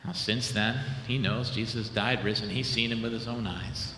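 A male pastor delivers a sermon with a bright, forward voice, growing animated and then sinking low and hushed to retell a scene. His words ring out through a large church with long reverb, with faint room ambience behind. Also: normal speed, a little hiss or hum. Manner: animated preaching, dropping low and soft for dramatic quotes. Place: church sanctuary. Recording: echoey hall with long reverb.

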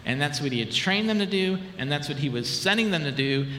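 A male pastor preaching a sermon, animated, dropping low and quiet for dramatic retellings. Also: fairly quick. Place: church sanctuary. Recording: echoey hall with long reverb.

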